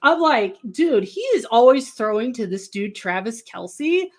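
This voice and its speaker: A woman's voice: fairly high pitch, lively intonation, a little slow. A woman from the Kansas City area chatting casually as a podcast guest, rambling and laughing often. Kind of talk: casual chat about football.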